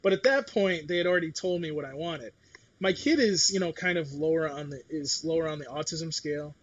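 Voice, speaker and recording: Husky-voiced man, blunt and swearing. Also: on the high side, a little fast, highs cut off. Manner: blunt, swears, acts out quotes. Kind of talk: casual chat.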